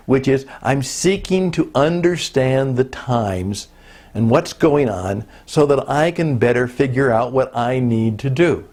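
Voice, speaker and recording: A man's voice: a little high, a little mellow. An older man teaching a recorded course, talking in a reflective, conversational way full of rhetorical questions. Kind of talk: recorded lecture.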